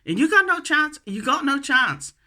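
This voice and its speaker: A woman delivering a profane, angry rant, repeating a refrain and swinging from low muttering to shouting. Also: very animated, moderate pace. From New Zealand.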